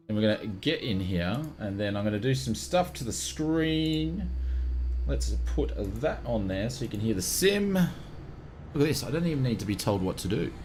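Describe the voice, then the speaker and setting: A man's voice: fairly low pitch, darkish tone. An Australian man live-streaming a flight simulator, chatting casually and greeting viewers by name.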